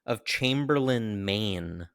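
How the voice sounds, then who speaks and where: Woman co-host with a gravelly, dry-miked voice; wry, blunt movie commentary. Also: a bass voice, lively intonation, slow pace, dry recording. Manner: wry, blunt, swears casually. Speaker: podcast co-host. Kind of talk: casual movie chat.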